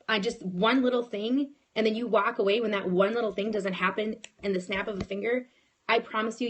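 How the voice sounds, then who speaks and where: A woman in her thirties talks to her sales team in a casual, motivational way. She tells a personal story with lively energy and often restarts her sentences. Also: mid-range voice. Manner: animated, storytelling, frequent restarts. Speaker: network marketing team leader.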